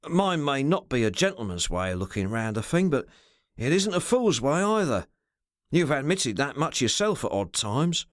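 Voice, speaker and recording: A man voicing a rough, loyal henchman who argues in coarse common speech, with a soft purr and a snarling undertone. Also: mid-range voice, big pitch swings, normal speed, no room sound, clean studio sound, pitched above the performer's own voice, close to an everyday voice. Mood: argumentative. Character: rough loyal male henchman, fretful and scrappy.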